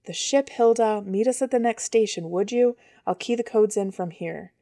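A woman voicing a bold, reckless young woman adventurer who gives brisk commands. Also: medium pitch, mellow, no room sound, clean studio sound, natural voice. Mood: commanding.

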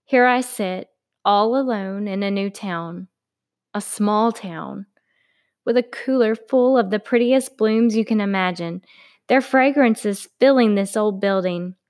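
A woman's voice: medium pitch, unhurried, a little mellow. A woman, author and narrator reading her own story in a friendly, chatty way.

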